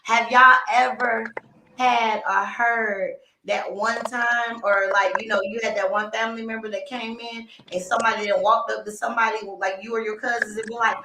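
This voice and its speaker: A woman's voice: fairly high pitch, level tone, moderate pace, roomy sound, noisy background. A woman co-hosting a casual chat show, blunt and emphatic, often laughing as she talks. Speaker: co-host.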